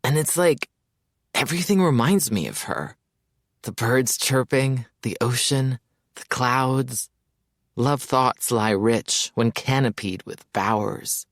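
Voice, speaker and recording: A man voicing a lovestruck young man who dreamily recites Shakespeare in a slow, theatrical way. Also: fairly high pitch, huge pitch swings, husky, no room sound, clean studio sound, voice pushed up, full character voice. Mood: swooning, dramatic.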